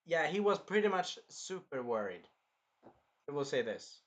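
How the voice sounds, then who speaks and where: A man's voice: on the high side, sing-song, measured pace. A young man hosting a casual anime review, rambling with lots of fillers and acting out scenes.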